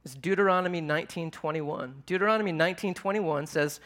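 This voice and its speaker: Guy preaching to a church crowd, chatty and asks them stuff, voice on the higher side. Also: fast talker, fairly bright tone. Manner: conversational, asks the audience questions. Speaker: pastor. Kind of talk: sermon.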